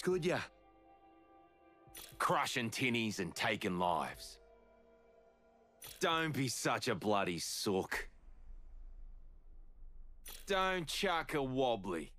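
An actor with an Australian accent playing a rowdy, boastful older demolitions brawler in video game voice lines, gruff and jokey. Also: male voice, on the high side, a bit bright, heavily acted.

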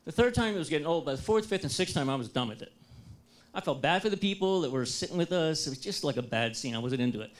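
An American man giving a talk to an audience, telling a personal story in a lively, self-deprecating and humorous way. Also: on the high side, quick pace. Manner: lively, self-deprecating and humorous, acts out his own past dialogue.

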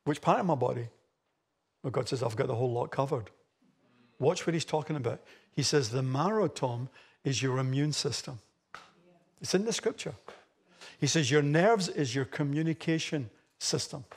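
An Australian man preaching from the pulpit, his voice gravelly with a husky edge. He builds to emphatic, forceful phrases as he drives points home. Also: medium pitch, moderate pace, pauses often. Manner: emphatic preaching, rising loud on key phrases. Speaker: pastor. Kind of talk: sermon. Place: church hall.

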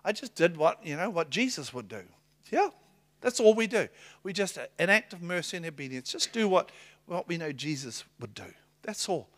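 Lively New pastor, man. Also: a little high, moderate pace. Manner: lively, excitable, laughs between lines. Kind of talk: sermon with storytelling.

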